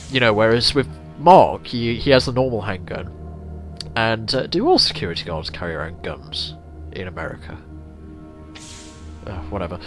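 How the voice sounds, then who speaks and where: A man chats through a video game in a low voice that rises and falls a lot. He rambles and swears as he plays. Game music plays softly under him. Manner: chatty, rambling, lively swearing. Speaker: let's play host. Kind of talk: casual gameplay commentary.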